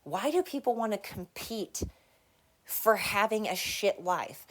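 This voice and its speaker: A woman's voice: a little high, big pitch swings, unhurried. A woman hosting her own podcast, delivering a heated, blunt, profane solo rant with emphatic repetition. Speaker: podcast host.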